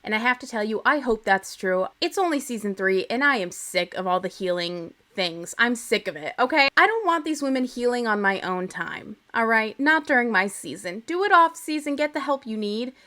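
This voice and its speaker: Young woman podcast host, bright voice, a bit high, chatty and opinionated. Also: expressive, normal speed, few pauses. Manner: chatty, opinionated, playfully dramatic. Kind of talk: casual TV recap.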